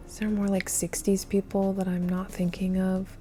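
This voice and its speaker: A woman's voice: medium pitch, completely flat delivery, moderate pace, dark tone, soft background music. A woman thinking aloud while taking a timed trivia quiz, flustered and muttering, with many hesitations. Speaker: quiz video creator.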